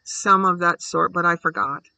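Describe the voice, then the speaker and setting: A man voicing a gloomy, grieving gentleman guardian who speaks in a fretful, distracted way. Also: high voice, moderate pace, creaky, dry recording, full character voice, rough recording. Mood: weary gloomy.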